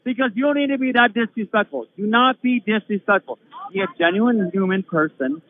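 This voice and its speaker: A man calls in to a live chat, his high voice squeezed through a tinny phone line with faint hiss. He tells his story in an animated rush and swears freely. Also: brisk. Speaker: guest caller. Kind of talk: casual live-stream chat. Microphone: phone call.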